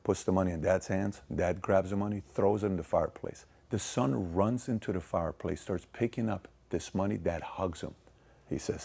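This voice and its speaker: A husky man with a lowish voice giving a lively motivational talk. He tells a parable and acts out each person in it, pushing up loud for the excited lines and dropping to near a murmur for the quiet ones. The delivery is fired up and persuasive. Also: moderate pace. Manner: acts out dialogue in a parable, swinging loud and soft. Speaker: speaker in a played clip. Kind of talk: animated motivational speech with storytelling.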